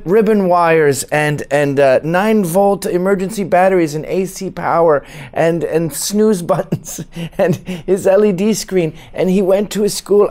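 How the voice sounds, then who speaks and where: A man's voice: high-pitched, darkish tone. A man delivering a mocking, sarcastic political rant full of profanity. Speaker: political commentator.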